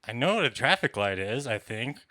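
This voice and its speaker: A man's voice: medium pitch, very animated, a little fast, bright, forceful tone. A man doing a stand-up set, ranting in an exasperated, profane way. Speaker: stand-up comedian. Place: comedy club stage.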